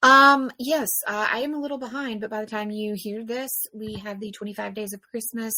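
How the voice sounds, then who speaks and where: A chatty woman co-hosts a podcast, telling stories with lively energy and plenty of fillers. Her voice has a bright, forward edge. The sound is close and dry, with no room behind it. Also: mid-range voice, normal speed, dry recording. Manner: chatty, animated storytelling with many fillers. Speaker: podcast co-host. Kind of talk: casual chat.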